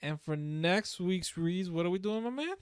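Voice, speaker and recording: A man's voice: high voice, lively intonation, normal speed, smooth, no room sound. A man co-hosting a casual podcast chat about web novels, easygoing and laughing along. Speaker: podcast co-host.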